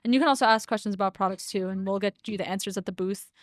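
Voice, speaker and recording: A woman's voice: medium pitch, racing, no echo, studio quality. A young woman co-hosting a livestream, telling stories in a chatty way and laughing often. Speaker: livestream co-host. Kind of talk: casual livestream chat.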